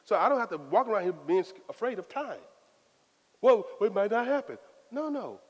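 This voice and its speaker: A man preaching a sermon as pastor, in a lively, conversational style full of casual Southern phrasing. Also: sits high, moderate pace. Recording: long hall reverb.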